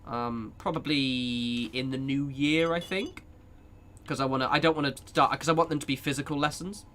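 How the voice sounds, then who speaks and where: A man's voice: medium pitch, moderate pace, a bit bright, slight background noise. A young man chatting casually with viewers while he plays a game, rambling, laughing and swearing as he goes. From United Kingdom. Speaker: streamer. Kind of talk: casual chat while gaming.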